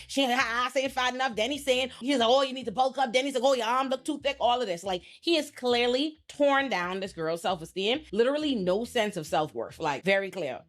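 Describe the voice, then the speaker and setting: A young woman hosting a casual reality TV commentary, blunt and profane, acting out the people she quotes. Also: on the high side. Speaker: pop culture commentator host.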